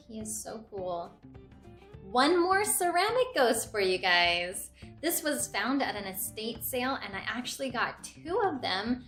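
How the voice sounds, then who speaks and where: A young woman hosting a casual vlog, gushing with excitement as she shows off her finds. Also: mid-range voice. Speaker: host showing a thrift haul. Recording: echoey room, faint music.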